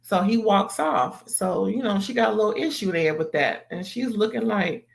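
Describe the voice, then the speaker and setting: A woman giving an animated, emphatic recap of a TV episode, swearing and exclaiming as she reacts. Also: medium pitch, moderate pace, gravelly. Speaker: TV show reviewer. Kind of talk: casual recap and commentary.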